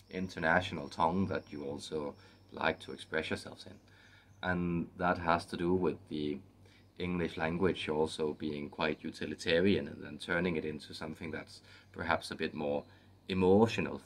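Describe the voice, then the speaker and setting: A man voicing a wise, whimsical male spirit guide with a put-on Irish accent, speaking in a sing-songy, formal, measured way as channeled spiritual teaching. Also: low voice, a bit bright, heavily acted.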